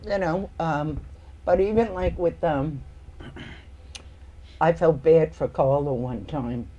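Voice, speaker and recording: A woman chatting as a podcast guest, acting out customers and coworkers as she tells her workplace stories. Her voice jumps up in pitch when she mimics them and she laughs along. A faint hiss of noise sits under the recording. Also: takes it slowly, muffled recording. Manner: animated storyteller, acts out customers and coworkers. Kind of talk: casual chat.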